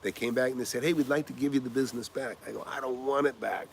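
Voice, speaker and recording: An older man talking through his experience in a loose, energetic monologue. He rambles, fills pauses with uhs and acts out what other people said. His voice sits at a middle pitch, with a faint hum of background noise. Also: vocal fry. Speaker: real estate investor. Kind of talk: casual advice monologue with anecdotes.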